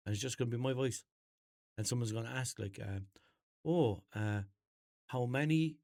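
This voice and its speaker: Rambling Irish lad joking on a podcast. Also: male voice, fairly low pitch, darkish tone, dry recording, clean studio sound. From Ireland. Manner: rambling, jokey, mock-serious. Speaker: podcast host. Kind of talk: unscripted comedic monologue.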